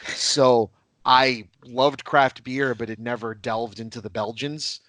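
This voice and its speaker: A man's voice: mid-range voice, fairly even intonation, slow, fairly bright tone, no room sound. A man who is a podcast guest telling rambling, casual anecdotes and laughing at his own stories.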